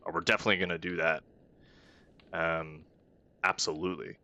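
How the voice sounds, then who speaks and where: A man's voice: deep voice, flat delivery, fairly quick, bright, forceful tone, muffled recording. A man hosting a let's-play, chatting casually with wry, self-aware asides. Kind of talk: casual game commentary.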